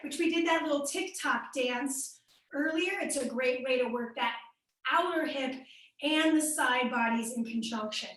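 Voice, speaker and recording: A woman's voice: high voice, a bit bright. A young woman with a Midwestern accent leading a live workout class, upbeat and encouraging as she cues moves and calls out class members by name. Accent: American Midwestern. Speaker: fitness instructor. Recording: echoey room, voice from far off the mic.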